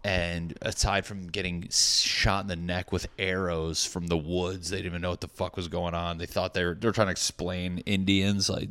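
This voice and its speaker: A man's voice: low-pitched, fairly even intonation, a little fast, a bit bright. A young adult man, a stand-up comedian, rambling through a profane, jokey casual monologue to his viewers.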